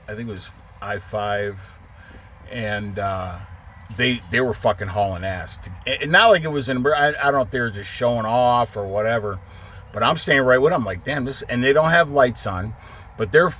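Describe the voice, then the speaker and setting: A man casually telling a story about his trucking business. He swears freely and gets animated, jumping higher and louder when he acts out what people said. His voice sits at an ordinary middle pitch. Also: a little hiss or hum. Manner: profane and animated, acts out quotes in a raised voice. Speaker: trucking company owner.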